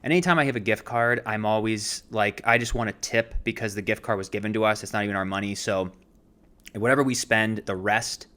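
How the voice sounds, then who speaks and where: A man's voice: lowish voice, a little fast. A man in his thirties co-hosting a casual show, telling a long anecdote with lots of fillers. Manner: rambling, filler-heavy, animated retelling. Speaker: podcast co-host, actor. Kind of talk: casual storytelling chat.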